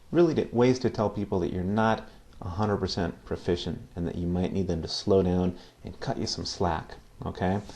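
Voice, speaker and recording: A man's voice: low-pitched, darkish tone. A man teaching a casual video lesson on Spanish phrases, patiently repeating each phrase and checking in with "okay?".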